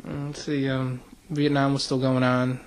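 A woman's voice: a bass voice, flat delivery, measured pace. A woman interviewing, asking brief questions to prompt the speaker. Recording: loud background noise.

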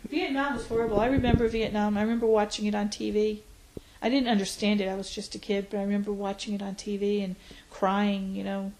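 A woman in her forties, reflecting on her life in an interview, pausing often with fillers. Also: mid-range voice, level tone, darkish tone, rough recording. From United States. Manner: reflective, hesitant with frequent fillers. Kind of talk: oral history interview.

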